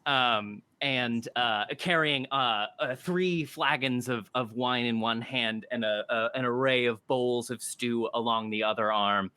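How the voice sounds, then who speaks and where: A man running a tabletop game as game master, narrating haltingly with many fillers. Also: medium pitch, sharp tone, smooth, no echo.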